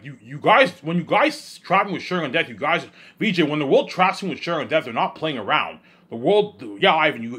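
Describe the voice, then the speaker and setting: A man talking alone in a rambling monologue, repeating himself and swinging between loud outbursts and low mumbles. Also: breathy edge. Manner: repetitive, keeps saying "you know what I'm saying". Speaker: host of his own listening series.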